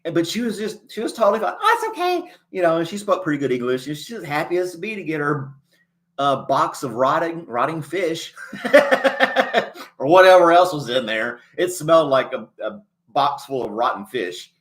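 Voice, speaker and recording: A man hosting a casual livestream chat, rambling in a folksy way and chuckling often, a little choked up and clearing his throat. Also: on the high side, lively intonation, moderate pace, a bit bright. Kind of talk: casual chat reading a live chat.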